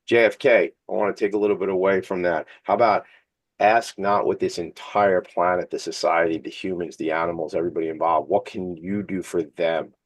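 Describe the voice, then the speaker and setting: A man's voice: sits low, fairly even intonation, fairly quick. A man hosting a talk radio show in a studio, chatting casually with a guest in a rambling, jokey, enthusiastic way. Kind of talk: casual interview chat. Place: studio streamed on video.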